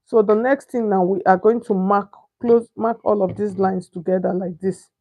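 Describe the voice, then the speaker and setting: In this lo-fi step-by-step tutorial, the same young Nigerian sewing instructor demonstrates pattern cutting at a moderate pace, her mid-range voice holding a steady tone. Chatty throughout, she pauses to ask viewers "can you see?" and searches for words as she goes.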